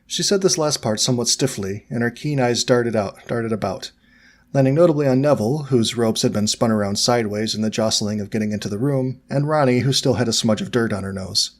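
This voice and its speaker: A man narrating a fan fiction audiobook in a steady, even storytelling manner. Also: medium pitch, a little fast.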